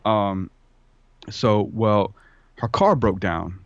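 Speaking in a lowish voice and drawing out his words, a podcast guest casually wanders through a personal story, acting out the quoted dialogue. The recording is dry but has a dull lo-fi sound.

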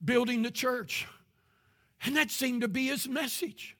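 A man, preaching a sermon as pastor with impassioned rises into shouting. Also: very high voice, a little slow.

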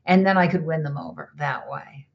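A woman's voice: deep voice, normal speed, vocal fry. Older woman recounting studio stories, lo-fi. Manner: animated, acts out quotes in others' voices. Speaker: recording and re-recording mixer. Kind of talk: casual interview storytelling.

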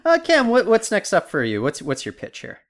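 A woman's voice: mid-range voice, huge pitch swings, fairly quick. A woman who grew up in the United States, co-hosting a podcast, chatting casually with frequent laughter and fillers. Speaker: podcast co-host.

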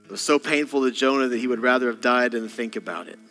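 A man's voice: medium pitch, quick pace. A male senior pastor preaching a sermon, dramatic, acting out voices in sudden bursts. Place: church auditorium. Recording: long hall reverb, faint guitar behind. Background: soft guitar.

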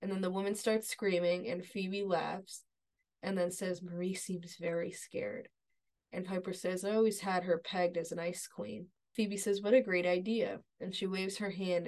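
A woman co-hosting a podcast, retelling a TV episode scene by scene in a relaxed, chatty way. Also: lowish voice. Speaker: podcast co-host. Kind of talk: casual recap chat.

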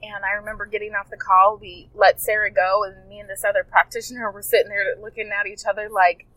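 A woman's voice: medium pitch, little pitch movement, fast talker, pushed and bright, no room sound, rough recording. Woman coach telling a story to her listeners, chatty, heartfelt, keeps restarting sentences. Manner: rambling, self-correcting, heartfelt. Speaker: health coach podcaster.

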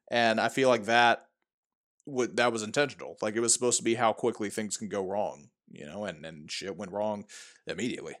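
Podcast co-host, man, animated, playful retelling, casual talk. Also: on the low side, moderate pace. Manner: animated storytelling, acts out quotes. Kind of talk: casual movie discussion.

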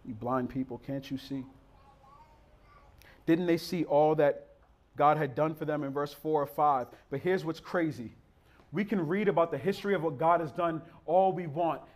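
A man preaching a sermon in a rhythmic, repetitive cadence, building to near-shouts. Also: fairly high pitch, normal speed.

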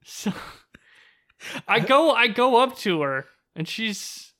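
A man's voice: high-pitched, very animated, takes it slowly, fairly bright tone. A man co-hosting a podcast, chatting casually and rambling through a story, laughing often and swearing freely. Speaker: podcast co-host. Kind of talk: casual chat.

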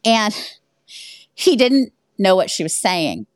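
Lively woman telling stories in a dry recording. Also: medium pitch, takes it slowly, no echo. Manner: animated, laughs through stories. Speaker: escape room owner; guest. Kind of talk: casual storytelling interview.

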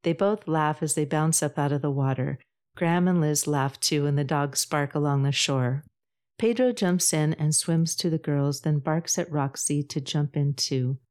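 A woman reading her own story aloud as podcast host, calm and measured. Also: low voice. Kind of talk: storybook narration.

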